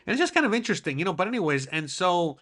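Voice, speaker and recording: Bright-voiced swearing man rambling. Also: high-pitched, very animated, rapid-fire. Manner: profane, rambling, with frequent fillers. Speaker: podcast host. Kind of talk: casual rambling monologue.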